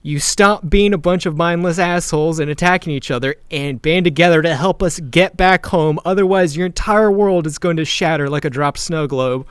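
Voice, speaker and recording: A man's voice: fairly high pitch, normal speed, hardly any pauses, clear, resonant tone, no echo, studio quality. Brash man playing a tabletop game. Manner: brash, shouting in-character speeches. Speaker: tabletop player.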